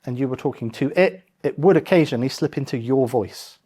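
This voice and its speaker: A man's voice: medium pitch, a little fast, warm tone, breathy edge. A man presenting a live tech demo to a room of about forty people, casual and chatty. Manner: casual, chatty, with many fillers and restarts.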